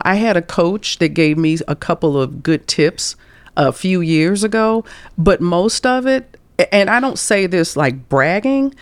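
Expressive woman with a low voice, dry sound. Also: no echo. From St. Louis, USA. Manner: expressive, acts out quoted voices with chuckles. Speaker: guest, career coach and speaker. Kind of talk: storytelling interview talk.

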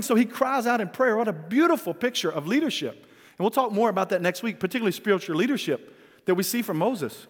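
A man's voice: high-pitched, in a large hall. A man preaching a sermon as pastor, earnest and often chuckling as he teaches.

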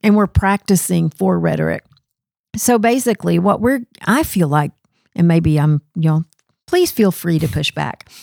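A woman's voice: lowish voice, animated, normal speed, vocal fry, darkish tone, no echo, studio quality. A woman co-hosting a casual education podcast discussion, thinking aloud and inviting pushback as she talks. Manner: thinks aloud, self-questioning, laughs easily. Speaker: curriculum podcast co-host.

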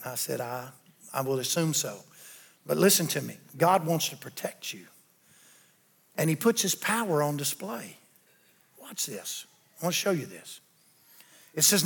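High-voiced preacher with a lilt. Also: male voice, expressive, a little fast. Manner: folksy, builds to loud emphatic preaching. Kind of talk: sermon with storytelling.

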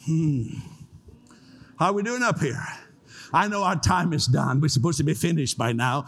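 A pastor preaching in a relaxed, conversational way, with joking asides, easing into prayer. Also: male voice, on the high side, normal speed. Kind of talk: sermon.

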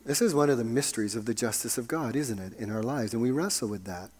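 A man preaching a sermon, calling his listeners loved ones and swinging between ringing emphasis and a hushed near-whisper. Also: medium pitch, quick pace.

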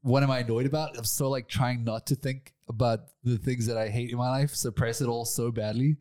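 A man's voice: medium pitch, steady tone, a little fast, darkish tone. Giggly rambling man on a podcast. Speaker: podcast co-host. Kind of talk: casual comedy banter.

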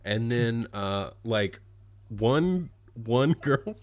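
A man's voice: mid-range voice, expressive, very slow. A man co-hosting a casual chat, recapping a story in a jokey, rambling way. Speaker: podcast co-host.

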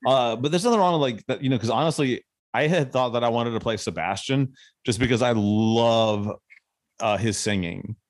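A man's voice: mid-range voice, normal speed, no room sound. Man with a dry, close-mic voice. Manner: swears freely, laughs often. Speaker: podcast host. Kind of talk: casual podcast chat. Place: Nashville.

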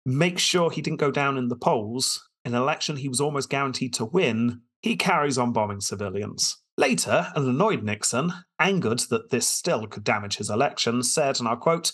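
A man narrates history in a casual podcast. His voice is slightly husky, and he reads quotes aloud and adds dry, joking asides. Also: medium pitch, expressive, moderate pace, hardly any pauses, a bit bright. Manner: storytelling, quoting sources, dry asides. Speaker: podcast host telling history.

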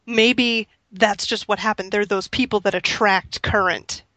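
A woman's voice: mid-range voice, steady tone, a little slow, sharp tone, dry recording. A woman co-hosting a casual chat, speaking with dry, wry humor.

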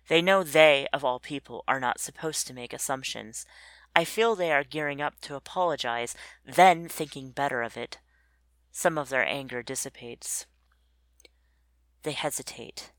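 A narrator reading a first-person story in an introspective, measured way. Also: medium pitch, fairly bright tone, no echo.

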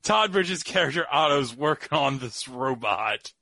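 A man commenting casually on a movie, playful and quick to agree. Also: medium pitch, animated, sharp tone, dry recording. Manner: playful, chimes in with short agreements. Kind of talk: casual commentary over a film.

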